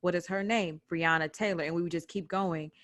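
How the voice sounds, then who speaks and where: Woman with a low, dry voice, storytelling. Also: brisk, no room sound. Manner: animated retelling with quoted voices. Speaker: podcast guest recounting a protest. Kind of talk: personal storytelling in casual chat.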